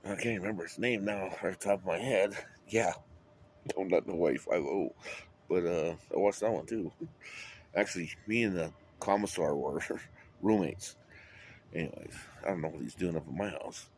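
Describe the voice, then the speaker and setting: Low-voiced man rambling and swearing. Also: normal speed, slight background noise. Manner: rambling, wandering, with frequent swearing. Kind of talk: rambling monologue to camera.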